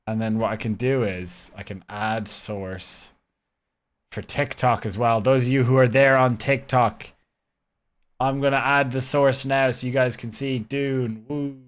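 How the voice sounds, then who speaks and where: Unhurried and steady-toned, this mid-range voice belongs to a man livestreaming a game from his room, chatting loosely with viewers as he rambles.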